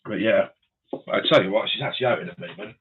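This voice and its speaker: A man's voice: on the low side, fast, slight background noise. A man hosting a casual live stream from his room of animal enclosures, chatty and friendly, calling his viewers mate and buddy. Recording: dull lo-fi stream audio.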